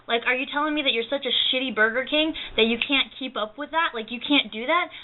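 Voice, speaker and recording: Young woman venting hard, cussing a lot, highish voice, sounds like a cheap webcam mic. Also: a little fast, narrow, tinny audio. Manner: profane, indignant storytelling with acted-out quotes. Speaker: vlogger. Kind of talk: angry rant to camera.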